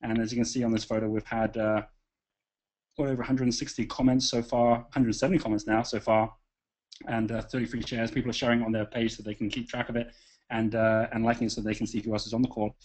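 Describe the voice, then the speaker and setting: A man's voice: mid-range voice, little pitch movement, fast, darkish tone. Guy hosting a webinar, upbeat, lots of ums and restarts, casual chat. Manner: upbeat, many fillers and restarts. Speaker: webinar host. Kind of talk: live online call, casual.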